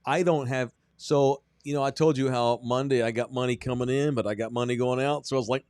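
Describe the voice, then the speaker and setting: A man's voice: medium pitch, fairly even intonation, a little fast, few pauses, darkish tone, clean tone, no echo. A man hosting a sports podcast, chatting casually and rambling in a self-deprecating way. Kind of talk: casual chat.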